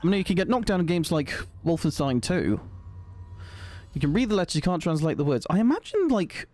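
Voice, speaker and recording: A man's voice: on the high side, animated, fairly quick, a little mellow. A man streaming a shooter game, commentating and chatting with viewers, exclaiming at the action and laughing often.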